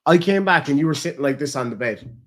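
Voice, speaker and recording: A man's voice: on the high side, expressive, fast talker. Man telling rambling stories. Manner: swearing, rambling storytelling with acted quotes. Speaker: streamer host. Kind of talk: casual chat with partner.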